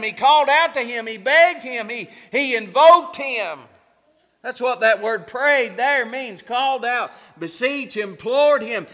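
High-voiced man preaching in an echoey hall. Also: sharp tone. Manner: preaching with repeated phrases and fervent emphasis. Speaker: pastor. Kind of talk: sermon.

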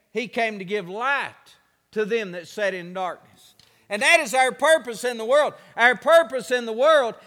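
A man's voice: very high-pitched, pushed and bright, big-room sound. A man preaching a sermon in a church, swelling and stretching out his words for emphasis. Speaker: pastor.

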